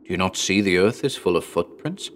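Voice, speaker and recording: A man's voice: sits low, expressive, a little fast, a little hiss or hum. A man voicing a ship's mate on a whaler who mutters his words in a perplexed, bewildered way. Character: bewildered middle-aged male ship's mate.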